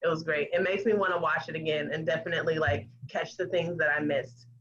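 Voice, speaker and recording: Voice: medium pitch, steady tone, fast talker, fairly bright tone, lo-fi sound. A podcast guest in casual chat, earnest and enthusiastic, speaking over a video call.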